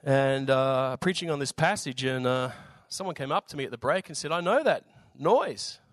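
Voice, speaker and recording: A man with an Australian accent and a slightly raspy voice, preaching a sermon in a relaxed, jokey way with lots of fillers. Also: mid-range voice, fairly quick, no echo. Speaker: visiting preacher.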